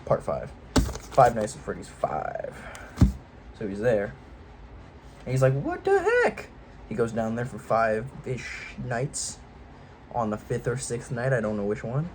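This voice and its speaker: A man's voice: mid-range voice, measured pace, long pauses, a little mellow, rough recording. Guy rambling thru game lore, offhand and jokey, kinda irreverent, faint room hum behind. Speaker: video host. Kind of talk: casual lore retelling.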